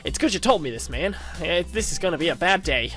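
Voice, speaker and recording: A man voicing a paranoid, conspiracy-obsessed young man who rants loudly and frantically. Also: a little high, lively intonation, quick pace, faint music behind. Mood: panicked. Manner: frantic, shouty ranting.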